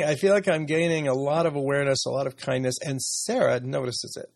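A man in his sixties, a podcast host, talking candidly and emotionally about his life in a personal conversation, with soft laughs. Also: mid-range voice, fairly even intonation, brisk, gravelly, no echo, studio quality. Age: 60s.

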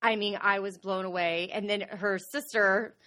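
A woman's voice: medium pitch, fairly even intonation, measured pace, sharp tone. Thirties woman, podcast co-host, candid and confessional delivery. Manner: earnest, confessional storytelling.

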